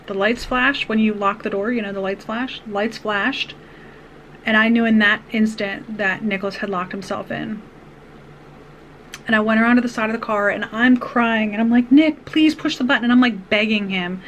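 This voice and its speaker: A woman's voice: fairly high pitch, steady tone, normal speed, fairly bright tone, a little hiss or hum, low-quality recording. A woman vlogger earnestly retelling a personal story, rambling with restarts and asides.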